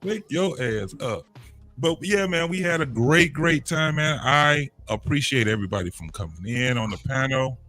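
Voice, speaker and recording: A man hosting a casual podcast panel, voice bright and forward at an everyday pitch. He rambles in loose, profane banter and chuckles between thoughts. Faint music plays underneath. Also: expressive, normal speed. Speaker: podcast host.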